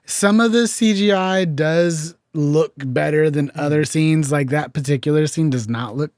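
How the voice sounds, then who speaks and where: A man co-hosting a podcast, giving measured, thoughtful takes in casual chat. His voice sits a little high, and the sound is dry and close. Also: darkish tone, no room sound. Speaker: podcast co-host.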